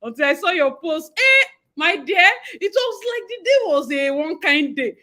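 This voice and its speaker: Young Nigerian woman, livestream host; high, bright, chatty, quick to laugh. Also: very animated. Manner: chatty, greets viewers by name, laughs often. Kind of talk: casual live-stream chat.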